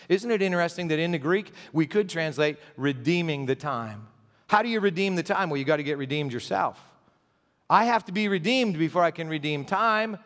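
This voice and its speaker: A man's voice: sits high, a bit bright, long reverb tail. A middle-aged man pastor preaching a sermon in a church sanctuary, chatty and joking with asides. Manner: conversational preaching with jokes and asides.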